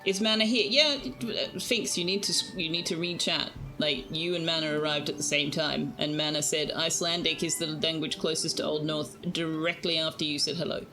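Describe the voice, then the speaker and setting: A woman's voice: deep voice, moderate pace, few pauses, bright, forceful tone, faint music behind. A woman streamer in a casual live-stream chat, teasing her viewers and cooing at her cat, speaking into a desk microphone at home. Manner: chatty, teasing, talks to her cat in baby talk.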